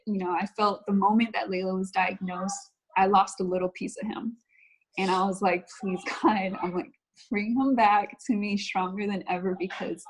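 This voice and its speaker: A woman from Texas, a guest on a faith talk show, telling a personal story in a lively conversational way. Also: mid-range voice, low-quality recording. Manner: animated storytelling, acts out quotes. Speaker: guest, mother. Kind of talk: casual conversation.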